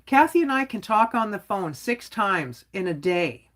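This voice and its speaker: A woman's voice: mid-range voice, very animated, a little slow, a bit bright. Outspoken woman ranting on a livestream. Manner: outspoken, rambling, frequent "like". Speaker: livestream host. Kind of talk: casual livestream rant.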